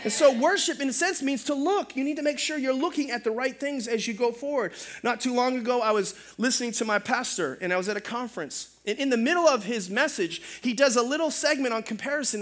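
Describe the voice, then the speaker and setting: A middle-aged male pastor preaching a sermon in an animated, humorous way, calling out for amens. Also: very high voice, fast talker, few pauses.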